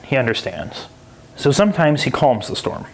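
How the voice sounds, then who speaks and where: A man at a middle pitch gives a relaxed Bible lesson on his podcast. He talks loosely with plenty of "like" and "kinda," and he jumps high when he acts out the voices in the stories. The telling is animated and chatty. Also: moderate pace. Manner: animated storytelling, acting out quoted voices in a jumpy high pitch; loose and conversational, with many 'like' and 'kinda'. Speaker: podcast host. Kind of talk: casual Bible teaching.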